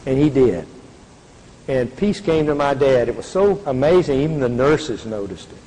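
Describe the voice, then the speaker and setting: A man's voice: mid-range voice, expressive, moderate pace, dark tone, a little hiss or hum. An older man giving an earnest faith testimony, speaking with a preacherly, repetitive cadence. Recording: reverberant hall.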